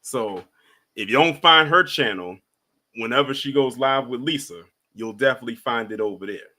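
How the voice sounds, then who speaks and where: Bright-voiced man hosting a live stream. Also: medium pitch, normal speed. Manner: laid-back, repeats himself, takes callers one by one. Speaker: livestream host. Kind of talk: casual live stream chat.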